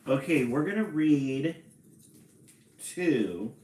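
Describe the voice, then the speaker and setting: Brief: low-voiced man reading picture books aloud and chatting, very unhurried, in a roomy space with faint ambience. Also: slight background noise. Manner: slow, relaxed, chatty with small laughs. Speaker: storybook reader on a live stream.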